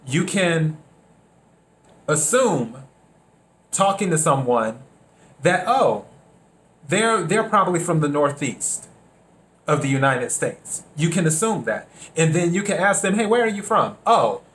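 A man from South Carolina hosting a reflective solo podcast, unhurried, repeating his phrases and acting out bits of dialogue. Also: fairly high pitch, expressive, a bit bright. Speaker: podcast host.

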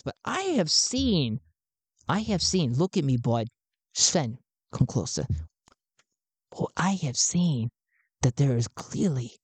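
A man's voice: medium pitch, a little mellow, breathy edge, dry recording, voice pushed up. A man voicing a zealous anti-government recruiter who talks in a folksy, conspiratorial way. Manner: folksy, conspiratorial, calls people bud.

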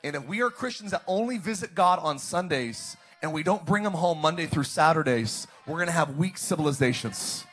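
Pastor, male, somewhat high voice, preaching with call-and-response to his congregation. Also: animated, fairly quick, hardly any pauses, fairly bright tone, slight background noise. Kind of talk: sermon. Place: church service, streamed online.

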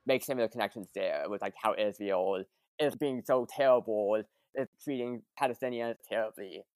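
A woman casually recapping a movie plot for a podcast, with lively quoted asides. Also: extremely low pitch, moderate pace, no room sound. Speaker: podcast guest.

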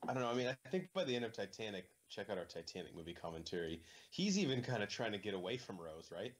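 A man's voice: fairly low pitch, big pitch swings, fast. A man hosting a casual movie commentary, joking and offhand, with lots of fillers.

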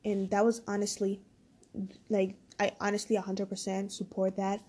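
A woman's voice: medium pitch, completely flat delivery, moderate pace, warm tone, husky. A woman casually telling a personal story, rambling and full of "like" as she quotes what people said.

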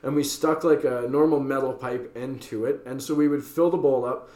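This young man from western Canada, co-hosting a podcast, has a mid-range, slightly mellow voice with fairly even intonation and normal speed. He casually relates a rowdy story, swearing a lot and laughing, and the room sounds echoey.

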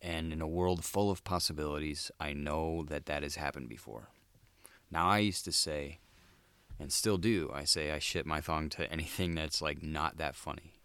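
Male podcast host, very low smooth voice, crude and laid-back, dry close sound. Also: moderate pace, fairly bright tone, no room sound. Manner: crude, laid-back, swears a lot and says "dude". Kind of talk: solo comedic monologue.

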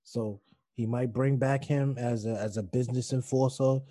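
A man co-hosting a casual movie review chat, relaxed and slangy, often restarting mid-sentence. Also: medium pitch, normal speed, no room sound, studio quality. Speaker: podcast co-host.

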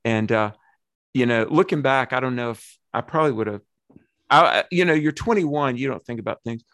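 A pastor in his fifties gives an earnest, animated personal testimony in conversation. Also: mid-range voice, moderate pace, dry recording.

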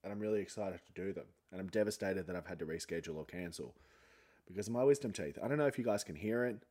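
Still a bit off from a sore jaw after his wisdom teeth came out, the young podcast host rambles on in a chatty, self-mocking solo show. His voice is low-pitched and mellow, and he speaks at a quick pace.

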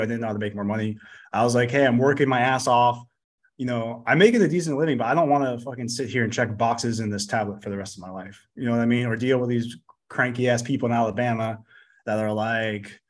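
A man who is a podcast guest, talking casually in a rambling, blunt way, full of fillers and swearing. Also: mid-range voice. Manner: rapid, rambling, full of "like" and "you know". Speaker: podcast guest, business coach. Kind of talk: casual interview chat.

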